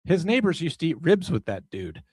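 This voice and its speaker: A man hosting a comedic true crime podcast, mixing dark story narration with deadpan sarcastic jokes. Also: on the high side, fairly quick, husky, dry recording, rough recording. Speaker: podcast host.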